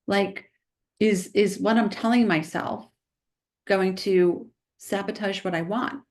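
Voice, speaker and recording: Emphatic woman nutritionist, talking fast. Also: medium pitch, steady tone. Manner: quick, emphatic, full of rhetorical "right?". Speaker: nutritionist guest. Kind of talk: conversational podcast interview.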